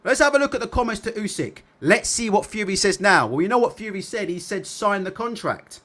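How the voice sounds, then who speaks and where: Guy chatting on a livestream, high voice, swings up and down a lot. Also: quick pace. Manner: animated, repeats tag questions. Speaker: boxing livestream host. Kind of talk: casual livestream chat reading comments.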